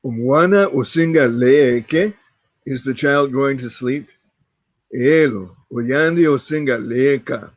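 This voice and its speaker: A man's voice: mid-range voice, slow pace, dry recording. A man practicing sentences in an online language class, careful and asking about pronunciation, over a call microphone. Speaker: student. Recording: dull, dry lo-fi call audio.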